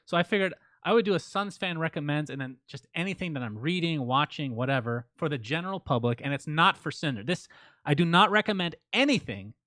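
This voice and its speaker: A man's voice: on the high side, a little fast, no room sound. Dry-voiced man teasing his co-host. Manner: dry teasing, deadpan ribbing; reads listener names out as shout-outs. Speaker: podcast co-host. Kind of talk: casual podcast banter.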